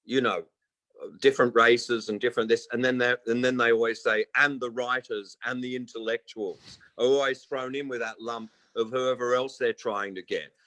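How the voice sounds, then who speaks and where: Over a poor-quality remote call with a dry sound, a man in his sixties, a guest musician, tells long, rambling stories in a casual interview and acts out the voices of people he quotes. He speaks at a moderate pace with medium pitch, fairly even intonation, and a fairly bright tone.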